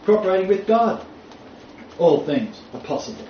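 A man's voice: medium pitch, normal speed, warm tone. A man preaching a sermon, quoting scripture emphatically and rising on key phrases. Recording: roomy, distant, dull, faint noise.

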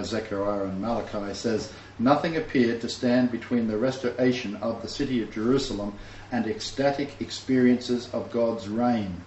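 A man's voice: medium pitch, a little mellow, a little hiss or hum. Impassioned male preacher in a roomy hall. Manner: impassioned, emphatic, scornful asides. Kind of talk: sermon with scripture reading. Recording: roomy, distant, dull recording with faint ambience.

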